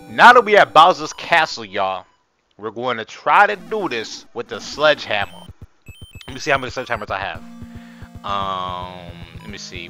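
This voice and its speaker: A slightly hoarse young man hosts his gameplay channel, chatting excitedly to his viewers and cursing freely. His voice is bright and pushed, leaping up and down in pitch. Faint game music plays behind him. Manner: excitable, chatty, talks to viewers as y'all, swears. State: hoarse from screaming. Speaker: gaming channel host. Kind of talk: live gameplay commentary.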